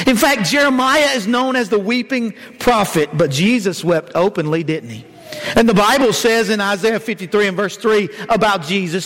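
A man's voice: sits high, fairly bright tone, big-room sound, rough recording. A man preaching a sermon, citing scripture verses and putting rhetorical questions to the congregation.

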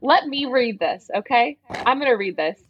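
A woman's voice: fairly high pitch, lively intonation, moderate pace, slightly rough, no room sound. A woman co-hosting a casual news podcast, teasing her co-host in a wry manner. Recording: dull dry sound.

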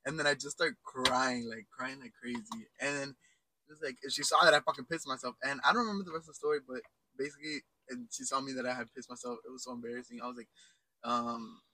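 A man's voice: mid-range voice, steady tone, quick pace, sharp tone, a little hiss or hum, low-quality recording. A young man co-hosting a casual podcast, losing his train of thought as he tells an embarrassing story. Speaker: podcast co-host. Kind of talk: casual chat.

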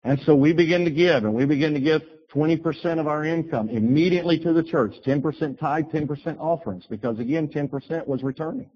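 Man preacher, husky, storytelling sermon, muffled lo-fi sound. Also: on the high side, fast talker, few pauses. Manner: storytelling, animated bursts when quoting himself. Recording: dull lo-fi recording.

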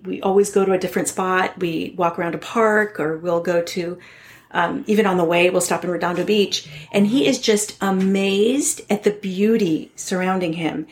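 A woman from Southern California, a podcast guest, telling a personal story in an earnest, candid and heartfelt way. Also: lowish voice.

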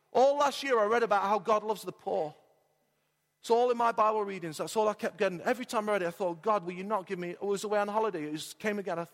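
A male pastor preaching a sermon, emphatic and repetitive, slowing down to stretch out his key lines. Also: high-pitched, a bit bright. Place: church hall. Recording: long reverb of a church hall.

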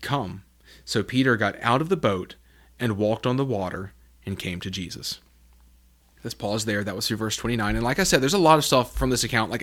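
Earnest, animated male preacher. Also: medium pitch. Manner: earnest and animated, many restarts and fillers; reads scripture slower and softer. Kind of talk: sermon, Bible teaching.

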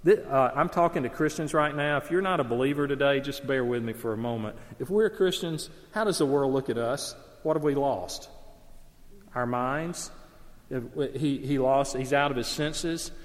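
A man's voice: mid-range voice, normal speed. A man preaching a sermon, earnest and emphatic, pressing hard on his key points. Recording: long reverb of a large hall.

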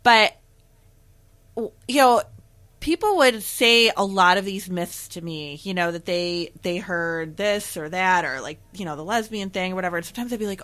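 Young woman co-host, casual podcast chat, bright voice, filler-heavy storyteller. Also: lowish voice, normal speed. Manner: chatty, full of fillers and acted-out quotes. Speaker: podcast co-host, former peer counselor.

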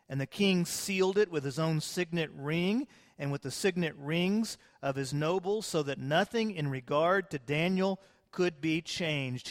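Dramatic preacher with a higher voice. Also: male voice. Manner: dramatic, swings between loud and hushed. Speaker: pastor. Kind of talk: sermon storytelling. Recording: long hall reverb.

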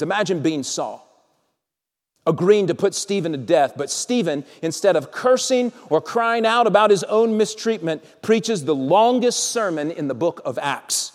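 A man preaching a sermon as pastor, animated, swinging between loud calls and hushed lines. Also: high-pitched. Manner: animated, acts out quotes with sudden loud and soft swings. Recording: long reverb of a large hall.

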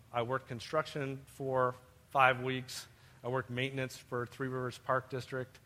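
A man's voice: mid-range voice, a bit bright. A man preaching a sermon, telling personal stories and addressing his listeners as beloved. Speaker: pastor.

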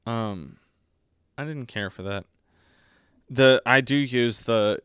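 A man in his twenties chatting casually about a movie, rambling and self-mocking, often breaking into squeaky high put-on voices. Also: slow, long pauses, fairly bright tone, clean tone, no room sound, studio quality. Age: 20s. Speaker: podcast host reviewing a movie.

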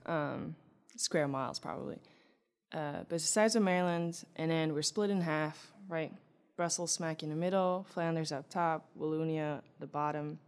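A woman's voice: sits low, normal speed, clear, resonant tone. A young woman from Antwerp with a Flemish accent, chatting casually as a guest and laughing often as she explains. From Belgium (Antwerp). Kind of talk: casual chat.

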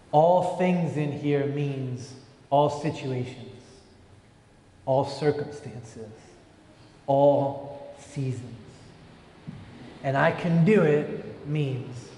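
A man preaching a lively sermon, joking and acting out little voices as he teaches from a verse. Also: a little high. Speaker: pastor. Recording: echoey hall, long reverb.

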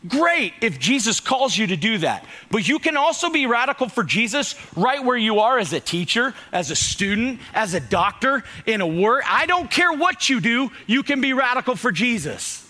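Man, pastor, sermon, passionate, loud emphasis, hushed asides, high voice, bright tone. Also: sing-song, normal speed. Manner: passionate and loud, swinging between shouted emphasis and hushed lines; acts out dialogue in his stories.

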